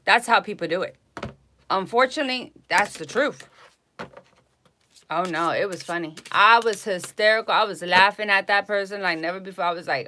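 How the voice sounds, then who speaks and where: A woman hosting a live tarot stream, telling stories to her viewers in an animated, indignant way with frequent asides. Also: mid-range voice, moderate pace, a little hiss or hum.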